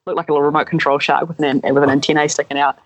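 A man, a podcast guest telling animated stories and acting out voices in them. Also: on the high side, rapid-fire, poor audio. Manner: animated, acts out voices in anecdotes. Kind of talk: casual storytelling.

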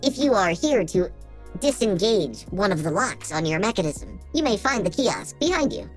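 A woman's voice: mid-range voice, very animated, moderate pace, soft background music, natural voice. A woman doing a stately robot tour drone. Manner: formal, stately greeter. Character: polite floating robot tour-guide drone.

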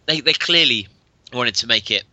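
A man in casual podcast chat, with a very bright, sharp tone. He tells stories in an animated way and slips into impressions of other people. The sound is close and dry, with no room echo. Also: normal speed. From England. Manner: animated storyteller, mimics people with big pitch jumps. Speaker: podcast co-host. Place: bedroom at home.

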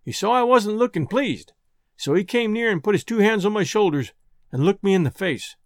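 A man's voice: high-pitched, animated, moderate pace, dry recording, clean studio sound. A man narrating an old-fashioned first-person story in a bashful, homespun country dialect.

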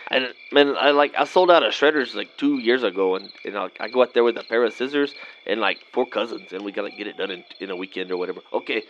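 A man's voice: fairly low pitch, fast, fairly bright tone, dull audio, slight background noise. A man playing a laid-back guy, rambling in slangy drawled talk full of "man" and "vato". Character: laid-back Mexican-American guy trick-or-treating with buddies.

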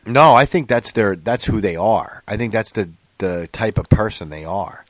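A man hosting a casual podcast chat, ranting with heavy swearing and animated complaints. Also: fairly low pitch, normal speed, no room sound.

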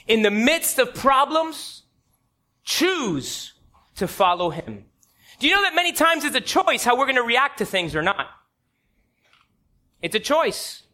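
A man's voice: extremely high pitch, big pitch swings, unhurried, pauses often, pushed and bright. A man preaching a sermon in a church, telling stories with emphasis and asking the congregation direct questions. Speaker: pastor.

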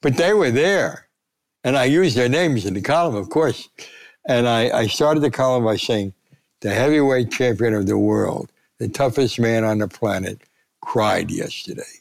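Gravelly older man telling stories. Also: mid-range voice, moderate pace. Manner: gravelly, acts out quoted voices. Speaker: retired sports columnist, guest. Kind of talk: animated anecdote telling.

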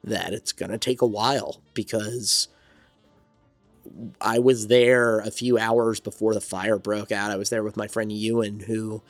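Male interview guest from New Jersey, lower register, loose reflective storyteller; dry close recording. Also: flat delivery, unhurried, dry recording, soft background music. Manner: rambling, reflective storytelling with many restarts. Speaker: songwriter and studio owner, interview guest. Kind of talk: casual interview conversation.

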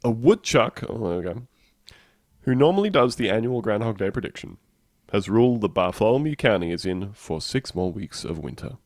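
A man's voice: fairly low pitch, sing-song, moderate pace, darkish tone, dry recording. A man co-hosting a comedy podcast, reading out news stories wryly and laughing between them. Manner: wry, laughing, reads news stories in a dry voice. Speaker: podcast co-host. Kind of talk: casual comedic chat, reading news aloud.

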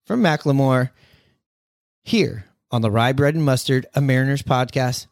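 A man's voice: medium pitch, normal speed, no room sound, studio quality. A man hosting a podcast in a loose, rambling way, full of fillers and the odd curse, from a memorabilia-filled room at a friend's house. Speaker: podcast host. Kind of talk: casual podcast chat.

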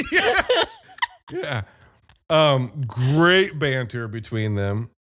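Animated man cursing through a movie chat. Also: medium pitch, very slow. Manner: animated, profane, retells scenes. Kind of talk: casual movie review chat.

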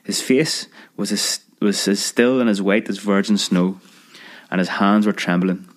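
Lower-voiced man narrating a story. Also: measured pace. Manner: lively storyteller voicing characters. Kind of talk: scripted narration of a children's memoir.

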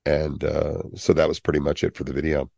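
Male podcast co-host, 50s, very low voice, jokey tangents, dry booth. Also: level tone, fairly quick, creaky, darkish tone, no echo. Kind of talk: casual chat.

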